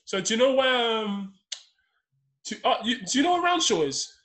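High-voiced young man. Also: big pitch swings, normal speed, a bit bright. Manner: rambling, slangy storytelling. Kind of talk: casual chat among friends.

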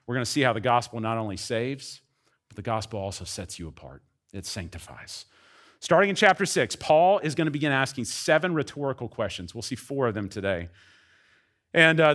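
A man preaching a sermon as pastor, emphatic, with wide swings between quiet and loud. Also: mid-range voice.

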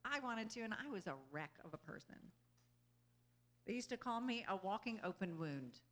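A woman with a bright, forceful voice gives an inspirational talk to a group. She speaks earnestly and conversationally, keeps checking in with her listeners, and laughs easily between thoughts. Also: medium pitch, animated, normal speed. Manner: earnest and conversational, often asking "you know?". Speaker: spiritual speaker.

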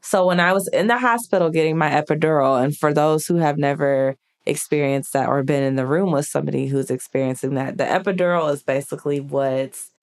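A woman, a podcast guest, telling personal stories in a casual, chatty way, often filling pauses with "like.". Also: low voice. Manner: chatty, frequent "like" fillers. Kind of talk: casual conversational storytelling.

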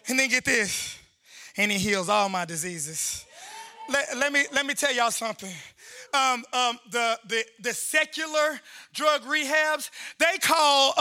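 A male pastor preaching a fervent sermon, often shouting. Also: extremely high pitch, no echo. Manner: fervent, shouting preacher with call-and-response lines.

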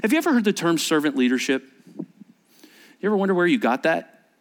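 Pastor, male, lively slightly high voice, acts out scenes mid-sermon; long hall reverb. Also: fairly quick. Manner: animated, acts out scenes, restarts words.

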